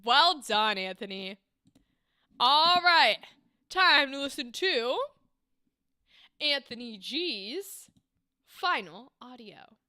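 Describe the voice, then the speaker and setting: A woman's voice: high voice, sing-song, drawn-out words, pauses often, bright, forceful tone, clear, resonant tone, no room sound, studio quality. A woman hosting a livestream, reviewing voice acting auditions with enthusiastic, gushing praise. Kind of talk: casual livestream commentary.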